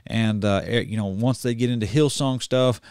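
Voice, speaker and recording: A man's voice: medium pitch, moderate pace, a little mellow, clear, resonant tone, no room sound, clean studio sound. A man giving casual, blunt commentary in a folksy way, full of restarts and fillers. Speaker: online preacher and commentator. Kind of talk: casual commentary reading news aloud.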